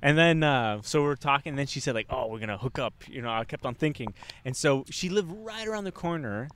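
A young man rambles through a story in loose podcast chat, swearing and doubling back as he goes. His pitch swings widely. His voice sounds smooth and clear, and he was recorded outdoors in a park. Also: lively intonation, quick pace, a bit bright. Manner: rambling, swearing, laughing storyteller with many restarts. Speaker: podcast co-host.

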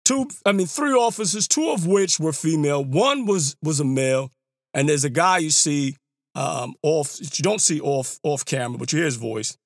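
A man's voice: fairly high pitch, expressive, moderate pace, no room sound, clean studio sound. A man giving heated political commentary, emphatic and repeating himself, with casual slang.

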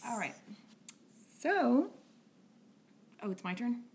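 Playful, lively-voiced woman podcast co-host. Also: a little high, takes it slowly, slight background noise. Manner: playful, giggly, easily sidetracked. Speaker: podcast co-host, retired firefighter. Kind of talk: casual chat.

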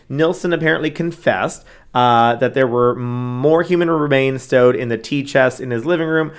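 A man's voice: mid-range voice, smooth. A man co-hosting a casual true-crime chat, talking loosely with many fillers and asides. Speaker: podcast co-host.

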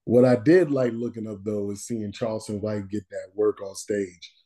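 A man co-hosting a podcast in casual chat, animated and slangy, laughing often. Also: lowish voice, moderate pace. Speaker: podcast co-host.

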